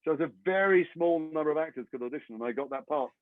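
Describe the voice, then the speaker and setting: An English actor being interviewed, telling long rambling anecdotes with self-deprecating humor. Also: male voice, a little high, fast, dry recording. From England. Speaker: actor guest. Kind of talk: interview storytelling. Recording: tinny phone-like line, dry.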